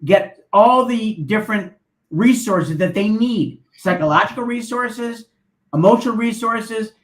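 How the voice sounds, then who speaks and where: Earnest high-voiced man from buffalo, roomy echo. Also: a little slow. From Buffalo, New York. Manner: earnest, promotional. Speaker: guest, nonprofit founder. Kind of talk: interview talk.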